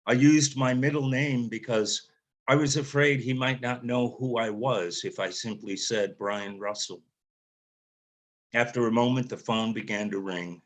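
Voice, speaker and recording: A man, an author, reading his own memoir aloud in a measured, reflective way. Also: mid-range voice, fairly bright tone.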